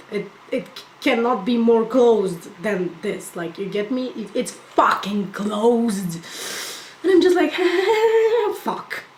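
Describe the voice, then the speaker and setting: Young woman ranting and swearing nonstop, bit high voice, roomy echo. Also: a little hiss or hum. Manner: profane, exasperated, animated ranting. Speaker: vlogger. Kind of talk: casual storytime rant. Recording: echoey room.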